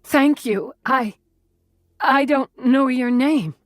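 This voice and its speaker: A woman voicing a frightened young captive woman who speaks in a halting, pleading way. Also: high-pitched, no echo, studio quality, pitched above the performer's own voice.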